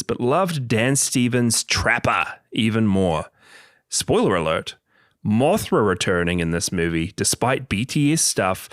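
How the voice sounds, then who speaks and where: A man's voice: lowish voice, no echo, studio quality. A man co-hosting a podcast, reading out listener messages and bantering in a joking, teasing way. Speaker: podcast co-host. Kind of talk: casual chat, reading listener mail.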